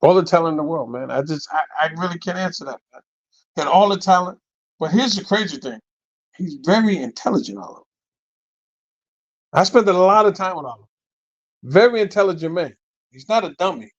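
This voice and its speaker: A man's voice: high-pitched, fairly quick, long pauses. Middle-aged boxing trainer guy telling stories, keeps saying man, kinda muffled lo-fi audio. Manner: animated, acts out quotes, frequent "man" and "you know what I mean". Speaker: boxing trainer, interview guest. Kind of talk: casual storytelling.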